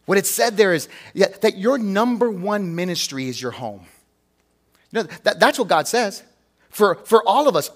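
High-voiced earnest male pastor preaching. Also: lively intonation, normal speed. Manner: earnest, emphatic, conversational preaching with rhetorical questions. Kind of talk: sermon.

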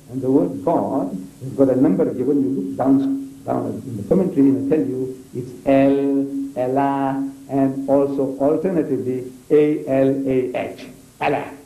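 An older man from South Africa lectures a debate audience, firing rhetorical questions with emphasis. His voice is fairly high and notably dark and mellow. It comes from a distant mic in an echoey hall. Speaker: debate speaker.

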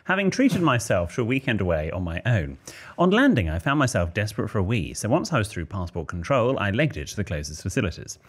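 Husky, lively British man reading letters. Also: lowish voice. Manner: animated, laughs while reading. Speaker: podcast co-host reading listener letters. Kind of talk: casual chat, reading letters aloud.

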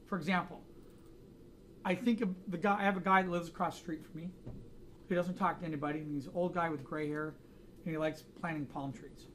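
A man's voice: fairly high pitch, fairly even intonation, a little fast, a bit bright, a little hiss or hum. A man teaching a drawing class, chatting casually and joking through anecdotes in front of students. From United States. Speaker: art instructor.

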